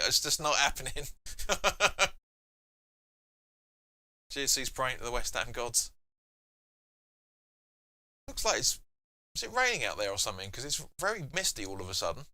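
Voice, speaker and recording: Chatty fan, bright voice. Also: male voice, mid-range voice. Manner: chatty, reading chat comments aloud, bursts of shouting at the match. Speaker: fan channel host. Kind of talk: live football watch-along chat.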